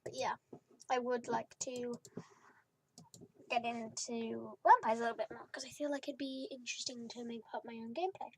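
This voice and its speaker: Young British woman, high voice, chatty let's-play commentary, rambly with lots of fillers. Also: flat delivery, normal speed, darkish tone, slight background noise. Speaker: gaming YouTuber.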